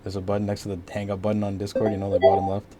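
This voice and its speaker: A man's voice: lowish voice, completely flat delivery, very fast, over a noisy crowd. A young man hosting a casual gaming stream, bantering loosely with slang and swearing. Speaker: streamer host.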